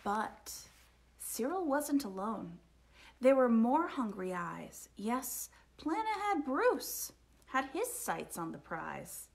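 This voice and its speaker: A woman reading a rhyming children's picture book aloud, expressive and sing-song, sometimes dropping to a whisper. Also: fairly high pitch, slow pace, vocal fry. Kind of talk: storytime read-aloud.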